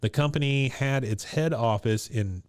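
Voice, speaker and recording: A man on a podcast walks through an episode's plot, scene by scene, in a relaxed, chatty way. His voice is smooth and clear. The sound is close and dry, with no room around it. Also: mid-range voice, normal speed, no echo. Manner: retells scenes, quoting characters' lines. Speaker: podcast co-host recapping an episode. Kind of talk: casual episode recap chat.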